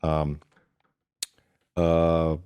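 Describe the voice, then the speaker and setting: Deep-voiced man telling a story. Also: drawn-out words, clean tone, no room sound, highs cut off. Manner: animated, quotes himself and others in lively voices. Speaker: drummer, interview guest. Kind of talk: casual storytelling chat.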